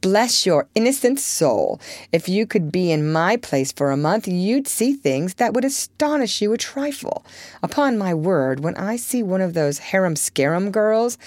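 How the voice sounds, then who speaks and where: A spirited, blunt young woman, as a woman reading a storybook puts her on. She talks in a low, close, dry voice, brisk when she scolds and gentle when she comforts. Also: no echo. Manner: brisk, scolding, then softly coaxing.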